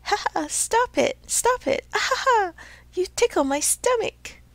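A woman voicing a small, childlike voice coming out of a living piece of wood, high and pleading, in a storybook reading. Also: wildly swooping pitch, slow pace, no room sound, full character voice. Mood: giggling. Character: tiny weeping, giggling voice of a living log.

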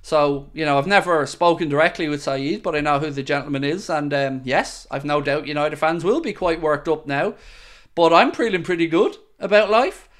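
A man's voice: fairly high pitch, moderate pace. A man hosting a live football watchalong, chatty and upbeat as he reads out viewer messages. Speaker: fan channel host.

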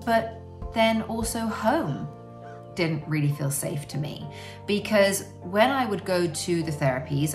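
A woman's voice: sits low, vocal fry. A woman sharing her experience as a parent in a frank, reflective talk to camera, often saying "you know". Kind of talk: candid personal talk to camera.

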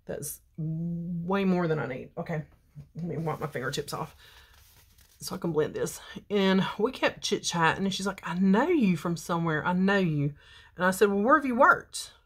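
In her 50s, this beauty vlogger tells a story as she applies makeup, her lowish, husky voice lively at a normal speed. The talk is casual makeup chat.

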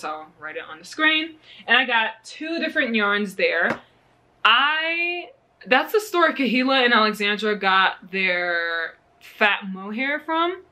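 A young woman from the US talks through her knitting haul in a bubbly, gushing way, laughing often as she goes. Her voice sits a little high and rings very bright. The tone stays casual and chatty. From United States. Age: young adult. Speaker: knitting vlogger. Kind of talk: casual yarn haul chat.

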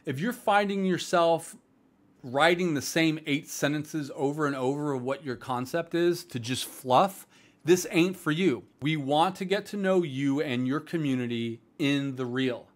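A man's voice: fairly high pitch, a little slow. Blunt, rambling man with a lifted voice. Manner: blunt and rambling, full of "like", "um" and "bro". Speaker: streaming platform staff host. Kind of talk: casual livestream talk to viewers.

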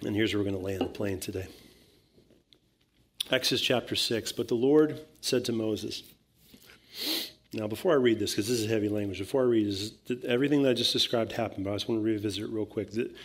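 A man preaching a sermon as pastor, talking casually, acting out voices and building to loud, emphatic preaching. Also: fairly low pitch, fairly even intonation, fast, husky.

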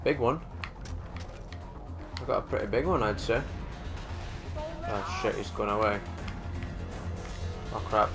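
A man giving live gameplay commentary, excitable and swearing a lot, talking at the enemies on screen. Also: fairly low pitch, takes it slowly, long pauses, over music. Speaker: gamer doing a let's play.

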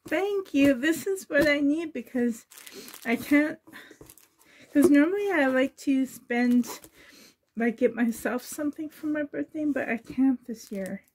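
A woman's voice: high-pitched, unhurried, a little mellow, a little hiss or hum. A woman vlogger chatting casually while unboxing, her voice shaky and emotional as she gushes with tearful gratitude. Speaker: doll-collecting vlogger.

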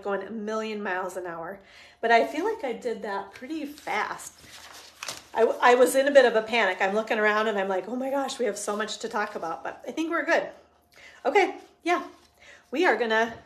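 A woman's voice: on the high side, fairly bright tone, slight background noise. A middle-aged woman hosting a live stamping demo, chatting casually and rambling with fillers as she works. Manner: chatty, rambling, self-talk with fillers and little laughs.

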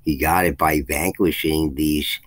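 A man's voice: very deep voice, fairly even intonation, a little slow, a bit bright, no echo, rough recording. A man reading a folk legend aloud, lifting his voice for the quoted lines, with occasional slips. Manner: reads with archaic phrasing, raises his voice for quoted speech, slips and restarts. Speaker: channel host reading a legend. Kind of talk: reading a folk tale aloud, then commentary.

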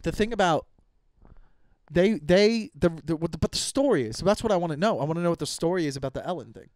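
A man's voice: on the high side, expressive, fast talker, darkish tone, no echo, clean studio sound. A young man hosting a comedy podcast, ranting casually with heavy swearing and frequent stumbles and restarts. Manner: profane, rambling with many restarts. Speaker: podcast host.

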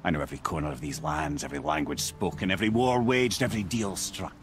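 A man's voice: low-pitched, quick pace, a little hiss or hum. A man voicing a boastful, all-knowing male ambassador to the gods, declaiming grandly in a fan script reading. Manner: grand, self-important proclamation.

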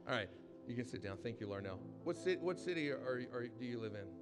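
A pastor preaching a conversational sermon to a live congregation, often asking the room questions. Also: male voice, mid-range voice, lively intonation, quick pace, music in the background. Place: church hall with live audience.

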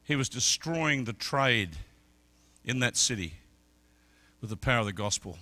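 A middle-aged man preaching a sermon as an evangelist, telling stories and swinging from quiet talk to loud shouted peaks. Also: mid-range voice, animated, measured pace. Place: church service.

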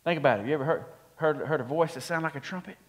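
A man preaching a sermon, animated and often asking his congregation questions. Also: a little high, rapid-fire. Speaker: pastor.

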